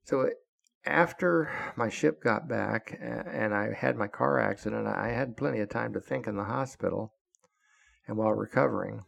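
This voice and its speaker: Older man, low and gravelly, blunt profane storyteller. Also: normal speed. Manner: blunt and profane, with heated outbursts. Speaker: podcast host telling his story. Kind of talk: first-person storytelling.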